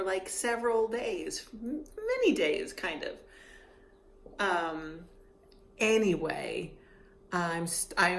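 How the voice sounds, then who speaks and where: A woman's voice: on the low side, creaky, slight background noise. A middle-aged woman telling a personal story in a casual, chatty vlog, laughing often and restarting her sentences. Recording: echoey room with faint ambience.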